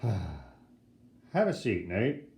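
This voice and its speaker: A man's voice: on the low side, huge pitch swings, drawn-out words, darkish tone, voice pushed down, full character voice. A man voicing a strict woman schoolteacher who speaks in stern, weary, curt lines. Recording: roomy echo.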